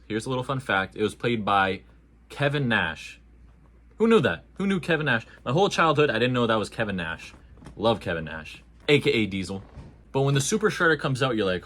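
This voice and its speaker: A man giving a casual, animated and slangy movie review, joking along as he talks. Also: mid-range voice.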